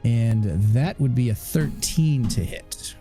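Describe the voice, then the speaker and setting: A man playing a tabletop game, calmly and matter-of-factly declaring his character's attacks. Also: mid-range voice, slow pace, faint music behind. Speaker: player. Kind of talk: casual chat while playing a tabletop game.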